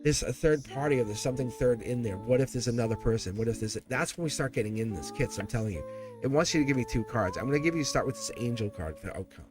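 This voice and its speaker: Male live tarot reader, chatty and teasing, animated delivery, clear music bed behind. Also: mid-range voice, fast. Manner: chatty, teasing, laughs often. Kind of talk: live-stream tarot reading. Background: background music.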